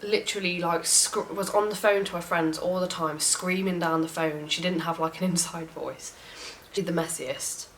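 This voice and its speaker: A young woman telling a story in a casual rant, frank and animated, swearing often. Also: fairly low pitch, normal speed, few pauses, a little hiss or hum, rough recording. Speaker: vlogger.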